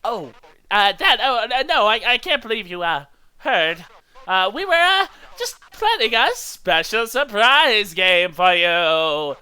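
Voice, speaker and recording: A man's voice: high-pitched, big pitch swings, takes it slowly, pushed and bright, clear, resonant tone, dry recording, heavily acted, poor audio. A man voicing a nervous, flustered TV-headed game show host who stammers with fake cheer.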